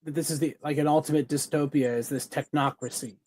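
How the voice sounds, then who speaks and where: A man's voice: on the high side, steady tone, fast, a little mellow. Rambling man in casual review chat. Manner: rambling, enthusiastic, lots of fillers and restarts. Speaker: podcast co-host.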